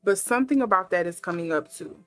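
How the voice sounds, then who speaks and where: A woman's voice: lowish voice, lively intonation, fast, a bit bright, no room sound, faint music behind. A woman giving a casual intuitive tarot reading, musing aloud with many fillers as she thinks. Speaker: tarot reader.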